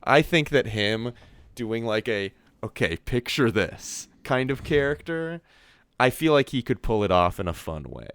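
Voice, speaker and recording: A man's voice: mid-range voice, sing-song, normal speed, a bit bright, smooth, dry recording. A young man co-hosting a movie podcast, chatting casually and rambling with lots of filler words. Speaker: podcast co-host. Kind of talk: casual chat.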